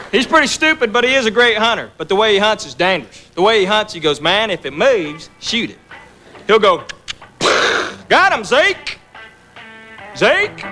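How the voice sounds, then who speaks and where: A male stand-up comedian telling stories in a dry, deadpan way, repeating words for punchlines, on a stage before a laughing audience. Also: sits high. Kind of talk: stand-up storytelling. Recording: live show with loud audience laughter.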